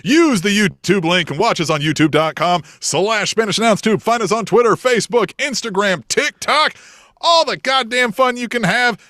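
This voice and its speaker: A man co-hosting a casual podcast, tossing in quick jokes and laughing along. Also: high voice, pushed and bright, dry recording, studio quality. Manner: quick joking interjections and laughter. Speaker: podcast co-host. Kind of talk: casual wrestling podcast chat.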